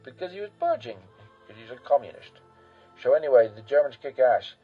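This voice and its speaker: Male history storyteller, lively and profane, a bit husky, muffled sound with faint music behind. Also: medium pitch, brisk. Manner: profane, rambling, hesitant with fillers. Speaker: history podcast host.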